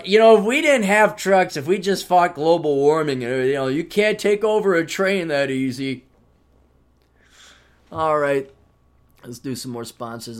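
A man's voice: a little high, a bit bright. A man hosting a solo podcast, ranting in a sardonic, profane way and slipping into mocking voices for quoted asides. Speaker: podcast host.

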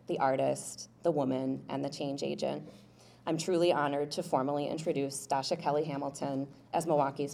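Low, gravelly-voiced woman presenting at a ceremony. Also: dark tone, slight background noise. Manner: reads prepared remarks with frequent um fillers. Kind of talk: formal introduction speech.

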